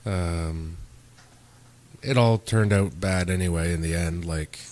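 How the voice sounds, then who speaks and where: A man's voice: low voice, takes it slowly, a little mellow. A young man hosting a podcast, rambling through a story in casual chat and acting out quoted exchanges. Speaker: podcast host.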